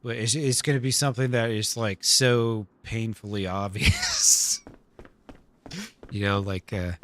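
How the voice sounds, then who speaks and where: Chatty male game streamer, bright lively voice. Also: mid-range voice, measured pace. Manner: chatty, laughs often, self-deprecating. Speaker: streamer playing a role-play game. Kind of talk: casual chat while gaming.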